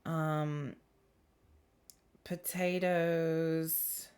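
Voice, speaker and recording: A woman's voice: deep voice, flat delivery, extremely slow, a little mellow, smooth. A woman giving a casual spiritual reading to a camera close to her face, rambling, laughing often and interrupting herself. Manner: rambling, giggly, self-interrupting. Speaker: spiritual reader. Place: indoors under bright light.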